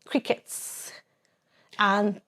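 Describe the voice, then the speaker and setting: A woman in her forties with a Nigerian accent, co-hosting a podcast and telling a personal story in a lively way, acting out the voices of others and laughing often. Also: drawn-out words. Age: 40s. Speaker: podcast co-host.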